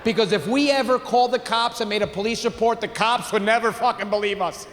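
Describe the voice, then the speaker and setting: A middle-aged man doing a stand-up comedy set, telling stories in a loud, animated way on a theater stage. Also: sits high, brisk. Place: theater stage with live audience. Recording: live hall reverb, faint room noise.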